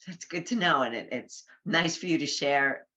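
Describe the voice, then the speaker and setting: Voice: mid-range voice, normal speed, bright, forceful tone. An interviewer asking questions, appreciative and hesitant, with many fillers.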